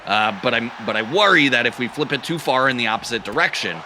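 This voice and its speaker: A man's voice: mid-range voice, quick pace, background noise. A man doing goofy play-by-play wrestling commentary, cracking silly jokes between calls. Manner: goofy, silly jokes, bursts into excited shouting.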